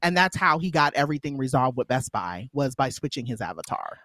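A woman's voice: extremely low pitch, sing-song, a little fast, a bit bright, no room sound. A woman hosting a podcast, chatting enthusiastically and affirming her guest. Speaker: podcast host. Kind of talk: casual podcast chat.

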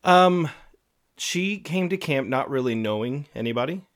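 A man's voice: medium pitch, expressive, a little slow, fairly bright tone. A man co-hosting a podcast, telling a story casually with many fillers and acted-out quotes. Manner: rambling, lots of fillers, acts out quotes. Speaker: podcast co-host.

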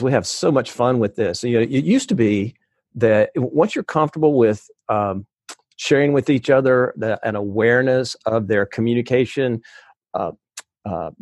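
A man talks casually as a podcast guest, wandering through his points with fillers, restarts and easy laughter. His voice sits in a middle pitch. The recording is dry and close, with no room sound. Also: darkish tone, no echo. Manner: rambling, many restarts and fillers, quick to laugh. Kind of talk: casual conversation.

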